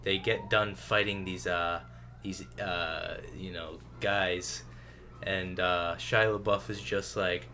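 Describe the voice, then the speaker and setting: A man hosting a podcast in casual chat, laid-back and trailing off into quieter asides. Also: low-pitched, fairly even intonation, slow, slight background noise. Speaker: podcast host.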